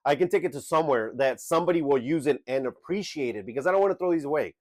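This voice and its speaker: A man's voice: a little high, animated, racing, darkish tone, dry recording. A man hosting his own unscripted vlog about reselling, blunt and emphatic as he speaks straight to viewers. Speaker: eBay reseller and channel host. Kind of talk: unscripted talking-head vlog.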